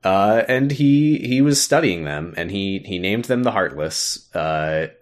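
Brief: man, lowish voice, easygoing podcast co-host, rambles and laughs while recapping a game. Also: lively intonation, measured pace. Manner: rambling, with many fillers, laughs and acted-out quotes. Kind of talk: casual chat recapping a video game.

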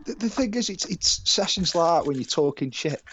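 A man's voice: on the high side, expressive, moderate pace, fairly bright tone, slightly rough. A British man in his thirties, a musician, telling stories and swearing freely in casual podcast chat. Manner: sweary, storytelling, laughing often. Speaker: band musician guest.

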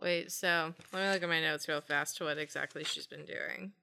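A woman playing a tabletop game, making quick casual asides. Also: deep voice, steady tone, vocal fry, sharp tone. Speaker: player. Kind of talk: casual chat.

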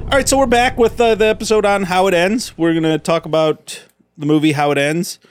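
A man's voice: sits high, steady tone, brisk, a little hiss or hum. A man co-hosting a casual movie review podcast, rambling and joking as he recaps the plot. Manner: rambling, joking, self-interrupting. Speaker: podcast co-host.

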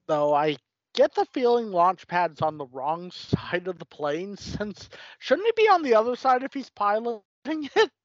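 A man's voice: high voice, sing-song, normal speed, no room sound. Laid-back man on a dry lo-fi mic. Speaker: podcast co-host. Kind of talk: casual chat. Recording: dry dull lo-fi audio.

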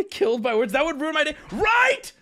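A male streamer telling a story in casual livestream talk, animated and swearing, rambling with restarts. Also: very high-pitched, moderate pace.

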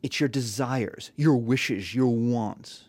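A man's voice: mid-range voice, slow pace, darkish tone, no echo. A man teaching a class, talking casually with rhetorical questions and acted-out quotes. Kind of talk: classroom lecture.

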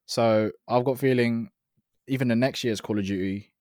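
A man's voice: medium pitch, steady tone, moderate pace, a little mellow, dry recording, studio quality. A young man in casual, enthusiastic gaming chat, full of slang.

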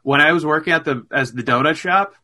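A man's voice: on the high side, brisk. A man chatting casually over a call, telling stories with lots of fillers and restarts. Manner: animated storyteller, rambling with fillers. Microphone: call audio.

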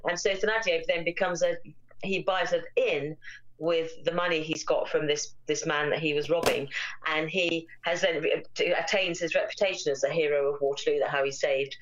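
A woman's voice: deep voice, steady tone, normal speed, lo-fi sound, slight background noise. A woman co-hosting a casual chat podcast, retelling a story at length. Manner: chatty, retells plots at length. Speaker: podcast co-host. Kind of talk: casual chat, film review.

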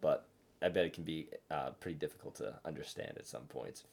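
A man's voice: a bass voice, brisk, gravelly, darkish tone. A young man in casual conversation, laughing often and swearing freely in loose, slangy talk. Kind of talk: casual chat.

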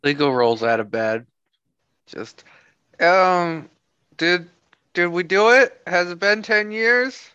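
A man player speaking in character in a tabletop game, groggy and halting. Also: high voice, sharp tone, clear, resonant tone, no echo, lo-fi sound.

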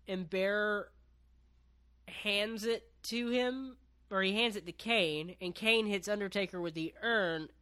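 A man's voice: sits high, bright, forceful tone. A man casually recapping a wrestling match on a podcast, laid-back, with lots of ums and casual swearing.

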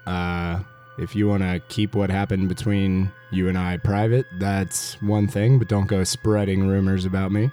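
A man's voice: deep voice, little pitch movement, dark tone, faint music behind, close to an everyday voice. A man voicing an awkward, aggrieved male police officer in a tabletop game. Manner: slow, awkwardly complaining.

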